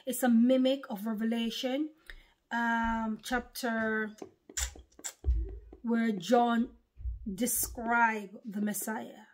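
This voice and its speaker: A woman's voice: fairly high pitch, little pitch movement, drawn-out words, long pauses. A woman, preaching an informal online sermon in an impassioned, repetitive, emphatic way. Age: 40s.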